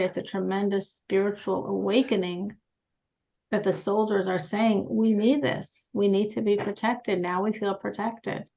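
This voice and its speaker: A woman's voice: medium pitch, gravelly, darkish tone, muffled recording. Emphatic woman teaching over a call. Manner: earnest, emphatic, repeats key words. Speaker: class teacher leading a group call. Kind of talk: spiritual class discussion.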